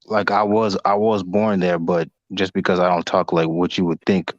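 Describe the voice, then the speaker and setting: A man from North Carolina chatting in a relaxed, jokey way on a live boxing stream. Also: low-pitched, moderate pace, no echo, dull audio. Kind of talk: casual live-stream chat.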